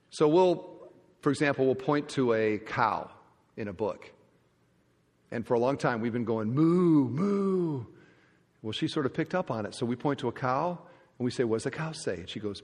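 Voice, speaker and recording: A male pastor preaching a sermon, his voice rising loud and then dropping to hushed endings. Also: medium pitch. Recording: church hall reverb.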